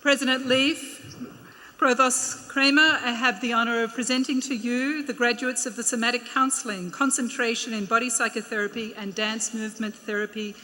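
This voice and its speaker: A woman's voice: on the high side, steady tone, moderate pace, pushed and bright, long reverb tail. An Australian woman presenting graduates at a ceremony, reading names aloud and checking their pronunciation.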